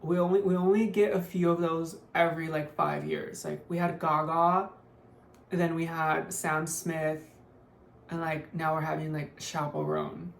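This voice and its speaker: A woman's voice: low voice, flat delivery, a little slow, gravelly. A young woman chatting casually through a makeup tutorial, full of "like" fillers and offhand remarks. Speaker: beauty vlogger. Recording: echoey room, faint noise.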